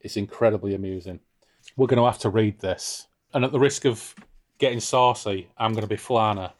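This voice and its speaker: A man's voice: on the low side, brisk. Chatty man discussing a book. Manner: chatty and amused, with frequent restarts. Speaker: podcast co-host.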